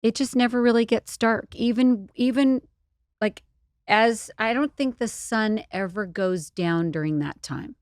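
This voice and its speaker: Wanita santai mengobrol, suara kering. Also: female voice, on the high side, no echo, studio quality. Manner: relaxed, repeats short words, drawn-out reactions. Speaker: podcast co-host and guest. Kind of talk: casual chat.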